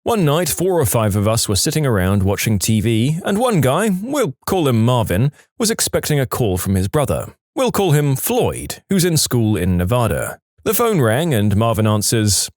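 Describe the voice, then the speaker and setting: A male storyteller reads listener stories in a lively, swinging voice that rises and falls freely. The sound is dry and close, with no room around it. He slips into quick voices for the callers as the tales go. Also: medium pitch, no echo. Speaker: story narrator. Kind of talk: reading reddit stories aloud.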